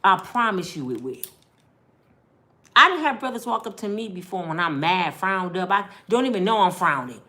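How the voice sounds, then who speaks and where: A middle-aged woman vlogger giving heartfelt life advice in an animated, preachy big-sister way. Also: fairly low pitch, moderate pace.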